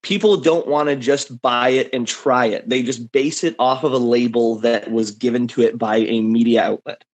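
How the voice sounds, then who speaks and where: A man's voice: mid-range voice, steady tone, normal speed, few pauses. A man co-hosting a podcast in casual chat, often stammering and repeating words, with a lot of swearing. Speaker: podcast co-host.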